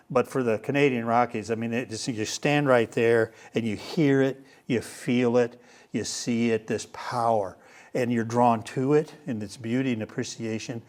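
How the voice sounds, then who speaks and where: An older man teaching a Bible class in a relaxed lecture style, pausing often with fillers and restarts. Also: mid-range voice. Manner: hesitant, many fillers and restarts. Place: room with a live class.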